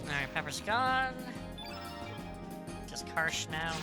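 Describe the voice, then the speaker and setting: A woman's voice: sits low, sing-song, slow, loud music behind the voice. A woman streaming herself playing a game, chatting and reacting aloud in a casual way, sometimes humming.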